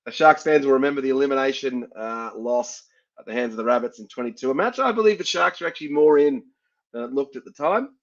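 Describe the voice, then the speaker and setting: A man's voice: mid-range voice, animated, fast. An Australian man hosting a sports podcast, chatting casually and laughing at his own fumbles. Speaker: podcast host. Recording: dull lo-fi sound.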